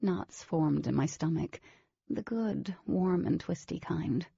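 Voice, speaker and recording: A woman's voice: lowish voice, slow, creaky, warm tone, slightly rough, no room sound, dull audio, full character voice. A woman narrating a novel as a wary teenage girl, in scripted audiobook style.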